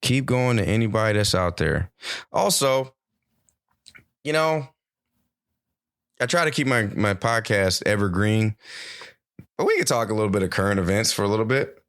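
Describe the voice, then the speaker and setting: A low-voiced middle-aged man riffs alone on his podcast, drifting from topic to topic with a jokey, animated delivery. His voice sits close and dry, with no room sound around it. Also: moderate pace, pauses often, dry recording. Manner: rambling, jokey, animated, swears casually. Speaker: podcast host. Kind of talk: solo comedic podcast monologue.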